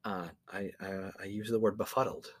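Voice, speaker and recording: A man's voice: fairly low pitch, fairly even intonation, moderate pace, a bit bright, slightly rough. A young man co-hosting a podcast in casual chat, rambling with lots of fillers, restarts and casual swearing. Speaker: podcast co-host.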